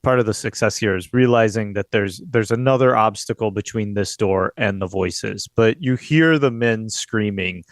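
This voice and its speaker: A man narrating as game master of a tabletop game, describing scenes in a relaxed way. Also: fairly low pitch, normal speed, hardly any pauses, no echo.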